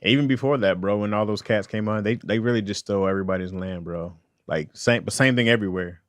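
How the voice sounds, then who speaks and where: A man with a fairly low voice gives blunt opinions in a chat with friends. His delivery is emphatic, and the sound is dry. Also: fast, no room sound. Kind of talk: casual group chat.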